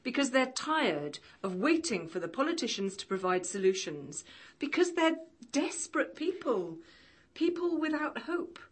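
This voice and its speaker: A woman playing a grieving mother of a bomber who speaks softly and earnestly. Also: high-pitched, sing-song, a little slow, breathy edge, heavily acted. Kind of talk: stage or radio drama acting.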